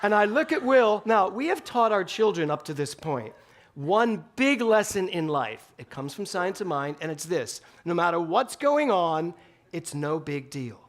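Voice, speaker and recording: A male minister giving a Sunday talk in a spiritual center, telling an animated story with bursts of laughter. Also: a little high, measured pace. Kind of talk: sermon storytelling.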